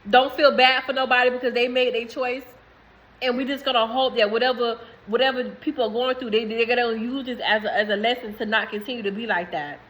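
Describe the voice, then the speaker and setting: A woman's voice: fairly high pitch, fairly even intonation, fairly quick, a bit bright, poor audio. A woman in giving a rambling, emphatic spiritual message to viewers, swearing freely. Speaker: spiritual reader.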